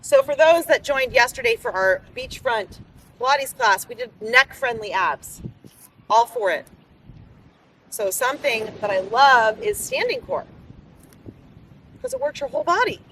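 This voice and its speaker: Upbeat high-voiced woman coaching a beach workout. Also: huge pitch swings, measured pace, creaky, long pauses, fairly bright tone. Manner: upbeat, encouraging coaching cues. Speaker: fitness instructor. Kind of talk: live outdoor workout class. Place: beach, outdoors. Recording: distant mic outdoors with faint background noise.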